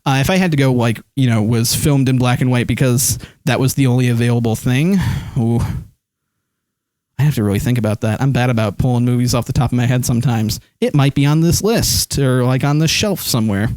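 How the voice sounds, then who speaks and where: A man's voice: mid-range voice, fairly quick, darkish tone, no room sound, clean studio sound. A man streaming live, rambling casually and reading chat comments aloud with lots of fillers while holding his phone. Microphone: desk microphone.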